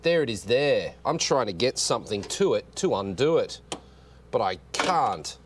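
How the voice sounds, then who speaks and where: A car vlogger films himself under a car in his garage using an external mic on an action camera, with background noise in the clip. His mid-range voice is very animated and unhurried as he grumbles, swears at the job, and makes self-mocking jokes in this casual vlog.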